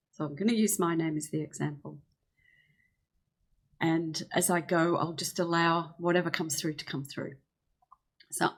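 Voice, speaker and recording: Soft-spoken woman teaching healing affirmations. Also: low voice. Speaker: spiritual teacher. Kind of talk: gentle guided healing talk.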